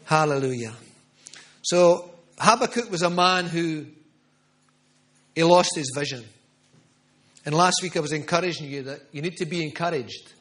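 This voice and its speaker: Fervent male preacher, high voice. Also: moderate pace, pauses often, fairly bright tone. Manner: fervent, emphatic, repeats phrases for stress. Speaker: pastor. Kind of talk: charismatic sermon with prophetic words.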